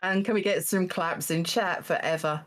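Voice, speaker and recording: A woman hosting a charity live stream in casual banter, often halting and repeating words as she thinks. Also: on the low side, fairly even intonation. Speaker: host of a charity stream event.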